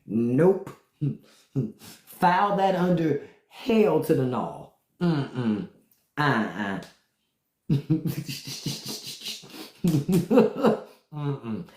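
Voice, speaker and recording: Brief: livestream host, casual profane chatter, laughs a lot, mid-pitched, roomy echo. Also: sing-song, very slow, long pauses, a little mellow. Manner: loose, profane storytelling with frequent laughter and hums. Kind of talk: casual livestream chat with viewers.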